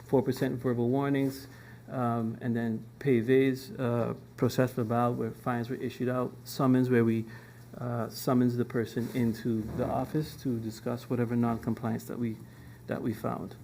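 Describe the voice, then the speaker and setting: A man presents a government department's plans to a parliamentary committee in a level, even delivery. His voice is mellow and dark, and he pauses often with ums and restarts. A faint hum of room noise sits behind him. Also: medium pitch, vocal fry. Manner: measured, with frequent ums and restarts.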